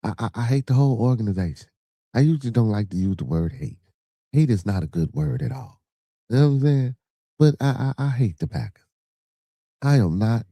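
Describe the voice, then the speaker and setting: Deep gravelly dude rambling on his podcast, swears a lot, dry close sound. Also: dark tone, no room sound. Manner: rambling, frequent filler phrases, blunt and profane. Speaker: podcast host. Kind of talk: casual livestream talk answering chat.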